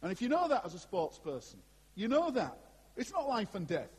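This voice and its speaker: A man preaching a sermon to a congregation in an animated, conversational way, with asides to his listeners. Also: high voice, fairly quick, breathy edge. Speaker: pastor. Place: church before a congregation. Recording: long hall reverb.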